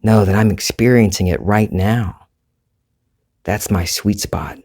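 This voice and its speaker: Deep-voiced southern us guy doing a laid-back solo podcast ramble. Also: unhurried. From Southern United States. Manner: relaxed, conversational, rambling with self-corrections. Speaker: podcast host. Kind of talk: reflective solo podcast monologue.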